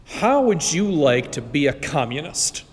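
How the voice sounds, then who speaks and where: A man's voice: on the high side, sing-song, measured pace. A male priest voicing a pushy, salesy voice inside a man's head that tries to recruit him. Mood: coaxing. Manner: persuasive, salesy. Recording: long church reverb.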